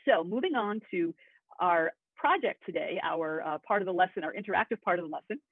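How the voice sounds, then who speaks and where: A woman's voice: on the low side, expressive, fairly quick, slightly rough, dry recording. Woman teaching acting over tinny audio. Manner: chatty and enthusiastic, with asides. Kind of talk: webinar lesson.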